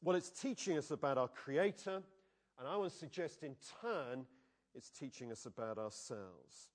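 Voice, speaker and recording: A man preaching a sermon in a church, conversational and animated, often putting questions to the congregation. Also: mid-range voice, normal speed.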